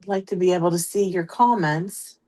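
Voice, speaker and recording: A woman's voice: lowish voice, brisk, warm tone. A woman with a Pittsburgh accent hosts a live craft stream, chatting casually and greeting viewers by name. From Pittsburgh, USA. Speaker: host of a live stamping stream.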